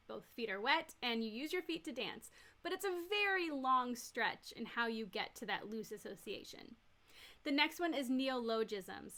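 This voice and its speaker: Female nurse educator, somewhat high and bright voice, plain step-by-step lecturing. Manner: clear, step-by-step explaining with everyday examples. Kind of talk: recorded teaching lecture.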